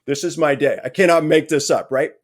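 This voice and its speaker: A man on a podcast telling a long anecdote in a casual way, with lively, self-mocking humor and frequent "right?" asides. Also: fairly high pitch, a little fast. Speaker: podcast guest.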